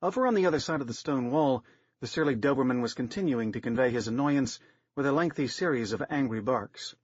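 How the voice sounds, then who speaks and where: A man narrating an audiobook in a steady, wry storytelling manner, in a dry, slightly dull recording. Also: medium pitch, a little fast, dry recording.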